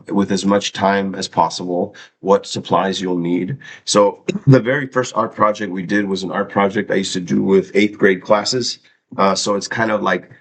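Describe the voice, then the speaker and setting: A middle-aged man with a very low voice hosts a laid-back livestream. He chats loosely with viewers and slides into explaining an art and mindfulness exercise, dropping the odd curse word. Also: vocal fry, a little hiss or hum, poor audio. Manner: chatty, loose, swears casually. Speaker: livestream host and art teacher. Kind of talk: casual livestream chat and art lesson.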